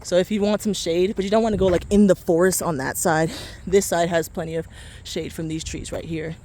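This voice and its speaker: A woman's voice: fairly low pitch, steady tone, fairly quick, mellow. Breathless woman joking through a park tour. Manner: chatty, joking, talks straight to viewers. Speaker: vlogger giving a park tour. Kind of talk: casual walking-tour chat. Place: outdoor city park, walking. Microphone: faulty mic.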